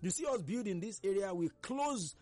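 A man's voice: high voice, animated, normal speed, a little mellow, dry recording, soft background music. A Nigerian man hosting a casual current-affairs talk show, chatty, laughing as he tells stories. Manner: chatty, laughs while telling stories, mimics others.

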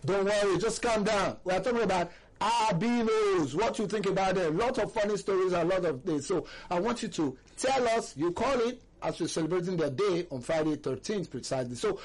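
A middle-aged man with a Nigerian English accent hosting a call-in radio talk show, chatty and animated, often laughing and repeating himself. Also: high voice, fairly quick, hardly any pauses. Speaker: radio host.

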